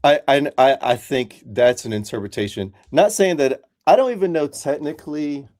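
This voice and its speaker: A man's voice: fairly high pitch, moderate pace, a little mellow, no room sound, studio quality. A man calling in as a Christian, talking in a casual, rambling way full of fillers. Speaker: Christian caller. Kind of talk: casual debate chat.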